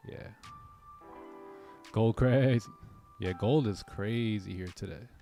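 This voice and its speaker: A man's voice: fairly low pitch, slow pace. A man hosting a live trading stream, chatting casually and joking in slang while reading his charts. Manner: laid-back, joking with co-hosts, slangy. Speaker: trading livestream host. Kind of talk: casual livestream chat and chart commentary. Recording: faint music behind.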